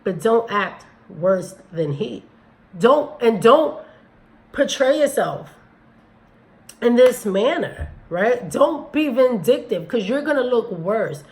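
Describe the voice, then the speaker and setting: A woman's voice: fairly high pitch, big pitch swings, takes it slowly, a little mellow, low-quality recording. A woman hosts a casual commentary on a video clip. She speaks bluntly and critically, addressing her viewers directly in an everyday voice. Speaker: commentary channel host.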